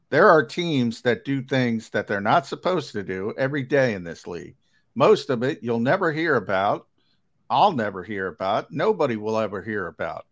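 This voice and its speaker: A man co-hosting a casual sports talk show, rambling and emphatic with lots of fillers. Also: mid-range voice.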